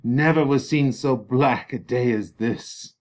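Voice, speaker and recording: A man's voice: medium pitch, takes it slowly, a little mellow, pitched above the performer's own voice, close to an everyday voice. Wailing old nurse, as a man reads her. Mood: lamenting. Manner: reading aloud, wailing repeated laments.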